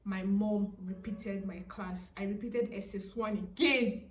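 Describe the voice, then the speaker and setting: A woman's voice: medium pitch, a little slow, distant mic, noisy background. Chatty young Nigerian woman, echoey room. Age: young adult. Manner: chatty, animated, laughing, frequent "so, like". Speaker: vlogger. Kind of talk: casual storytime.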